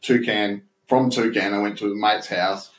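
A man's voice: on the low side, fairly even intonation, normal speed. A young Australian man in casual chat, rambling through a story, swearing freely and laughing as he mimics others. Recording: roomy echo.

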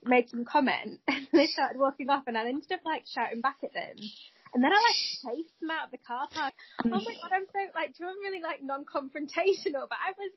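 A woman's voice: high voice, a little fast. A woman chatting candidly and hesitantly, with many fillers. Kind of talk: casual chat. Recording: dull lo-fi dry sound.

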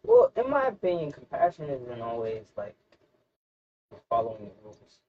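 A man's voice: mid-range voice, huge pitch swings, normal speed, muffled recording. A man co-hosting a podcast, chatting in a laid-back, agreeable way. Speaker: podcast co-host. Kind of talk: casual chat.

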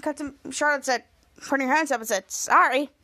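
Rambling high-voiced woman podcast host. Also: fast, a bit bright. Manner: rambling retelling with many restarts, acting out lines. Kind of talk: casual episode recap.

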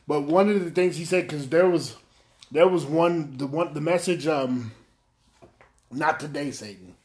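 A man hosting a podcast in casual chat, talking in a subdued, low-energy monotone and rambling a little with self-deprecating asides. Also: a little slow. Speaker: podcast host.

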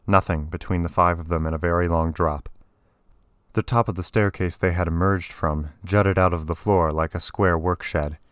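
A man reading scripted story narration in a steady, even way. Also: deep voice, normal speed, no echo, clean studio sound. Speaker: audiobook narrator.

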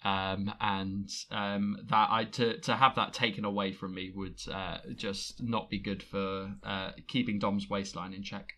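A man's voice: fairly low pitch, little pitch movement, unhurried, few pauses, pushed and bright, slight background noise. A man hosting a casual podcast chat, self-mocking and rambling with restarts. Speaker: podcast host.

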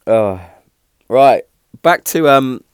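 A man in his thirties casually telling rambling stories, lively at the punchlines, with many restarts. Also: mid-range voice, extremely slow, smooth, no room sound, studio quality. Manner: rambling, animated when telling a punchline, frequent restarts and fillers. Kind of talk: casual storytelling.

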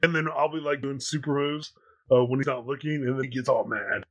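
A man's voice: mid-range voice, steady tone, a little fast, a bit bright. A man in his thirties hosting a podcast, telling a rambling story in casual chat with plenty of fillers. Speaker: podcast host.

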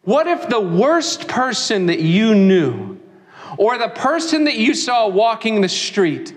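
A man preaching a sermon as a pastor, animated and acting out the voices of people he quotes. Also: high-pitched, slow, long reverb tail.

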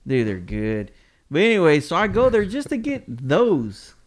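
A man in casual chat, telling a laid-back, profane story at a drawn-out pace. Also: a little high, wildly swooping pitch.

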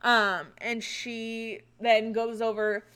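A woman's voice: a little high, little pitch movement, takes it slowly, a bit bright, clear, resonant tone. A woman casually telling a personal story, chatty and candid, swearing freely and laughing often. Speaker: vlogger recounting a personal experience.

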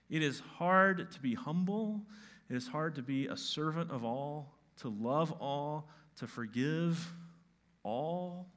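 Bright-voiced male pastor preaching emphatically. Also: medium pitch. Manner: emphatic, swings from hushed to loud. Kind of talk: sermon.

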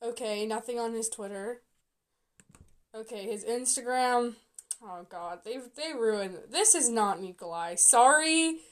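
A young woman vlogger reacting live and excitably, with loud bursts and quiet mumbling. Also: on the high side, unhurried. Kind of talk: live casting reaction vlog.

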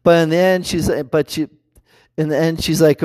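A man talks straight to the camera in a loose, rambling monologue. He keeps restarting sentences and slips into little acted quotes. His voice sits a bit high, and the sound is dry. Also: expressive, normal speed, no room sound. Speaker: vlogger.

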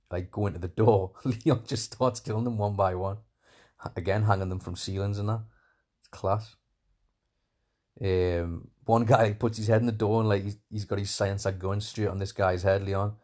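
A man's voice: on the low side, fairly even intonation, normal speed, a little mellow. A man casually retelling a film's plot scene by scene, rambling with many fillers and enthusiastic asides. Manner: enthusiastic, calls scenes "class". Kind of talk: casual film recap.

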